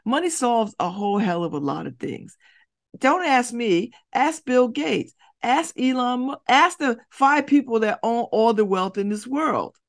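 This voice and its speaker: A woman's voice: fairly high pitch, lively intonation, a little slow. A woman hosting a community radio show, talking bluntly and preachily with rhetorical questions. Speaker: radio host. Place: radio studio.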